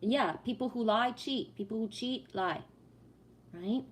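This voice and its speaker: A woman's voice: a little high, a little slow, a little hiss or hum. A woman in her forties hosting a livestream, telling a personal story in a casual, heated way with lots of swearing and then answering chat comments. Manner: profane, emphatic, heated. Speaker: livestream host reading chat.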